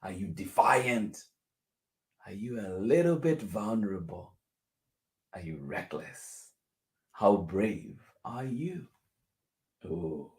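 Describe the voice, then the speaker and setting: A man hosting a children's story time, reading a picture book aloud in a playful, expressive way and sometimes dropping to a whisper. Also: fairly low pitch, slow pace, long pauses.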